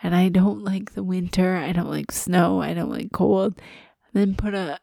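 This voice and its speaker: A woman co-hosts a relaxed podcast with a stuffy head cold. Her voice is low, gravelly and dark, with a flat, slow delivery. The sound is dry and close. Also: no room sound. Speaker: podcast co-host. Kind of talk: casual podcast chat.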